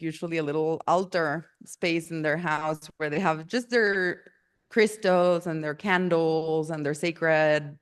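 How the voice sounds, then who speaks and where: A woman's voice: deep voice, clear, resonant tone. A woman telling a story in a chatty, casual way, laughing often and using many fillers.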